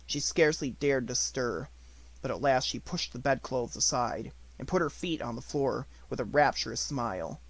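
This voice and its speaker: A man reading an unabridged novel aloud as an audiobook narrator, with expressive storytelling. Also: medium pitch, normal speed.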